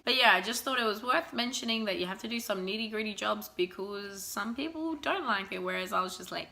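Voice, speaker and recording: A young woman, telling stories in a chatty, animated, self-mocking way in a casual vlog. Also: medium pitch, fairly quick, gravelly, few pauses. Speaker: vlogger.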